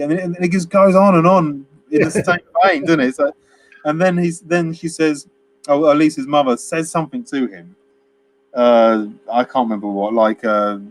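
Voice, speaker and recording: A man's voice: a little high, fairly even intonation, moderate pace. A man co-hosting a casual film review chat, rambling and laughing as he acts out quotes. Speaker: podcast co-host.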